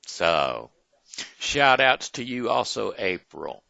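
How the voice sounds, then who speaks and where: A man hosting his own casual home video show, talking in a folksy, animated way and stumbling over names, recorded at home near his front door. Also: fairly low pitch, takes it slowly, vocal fry, no room sound, dull audio. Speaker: host.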